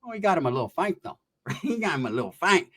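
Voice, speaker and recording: A man telling a comic story in an animated, profane, slangy way. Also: fairly high pitch, fast, slightly rough. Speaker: comedian storyteller.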